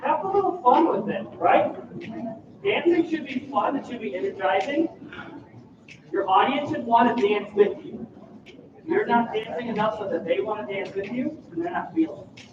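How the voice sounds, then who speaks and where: A man's voice: very high-pitched, normal speed. A man coaching a school choir in rehearsal, demonstrating how to shape words. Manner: animated, demonstrates words by speaking them. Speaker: choir clinician. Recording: echoey room, far from mic, dull, noisy.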